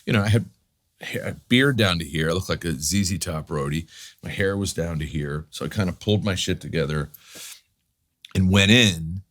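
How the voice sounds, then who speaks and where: A man from New York telling animated, profane stories as a guest in a casual interview, acting out the people he quotes. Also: low voice, a little fast. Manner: animated, profane, restarts a lot, acts out quotes. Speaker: guest actor.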